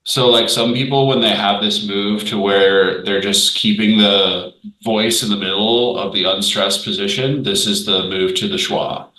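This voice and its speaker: A man explains things at length at the game table, in a bright, forceful voice. He sounds some way off from the mic, in a room that echoes. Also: on the low side, fairly even intonation, measured pace, hardly any pauses, recorded from a distance. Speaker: player. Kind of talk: casual tabletop game chat.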